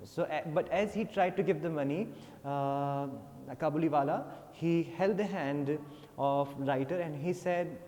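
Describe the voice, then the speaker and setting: A man's voice: a little high, a little slow, mellow. A man with an Indian English accent, teaching an English class by reading a story aloud and then retelling it with many fillers. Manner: reads passages, then paraphrases with many fillers. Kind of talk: explaining a textbook story. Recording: long reverb.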